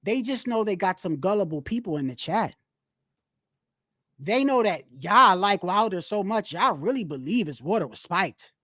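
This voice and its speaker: A woman hosting a boxing channel livestream, ranting in animated, profane, slangy talk full of restarts. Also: mid-range voice, normal speed, dry recording, clean studio sound. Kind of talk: casual livestream commentary.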